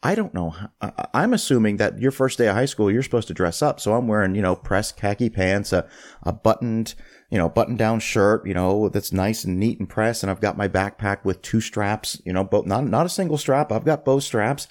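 Male host, casual storyteller, lower register, stumbles and restarts. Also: brisk. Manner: animated, restarts phrases. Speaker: podcast host.

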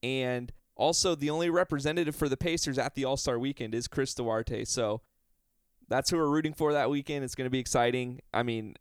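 Talkative podcast host, smooth voice. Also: male voice, mid-range voice, brisk, no room sound. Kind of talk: casual chat about basketball.

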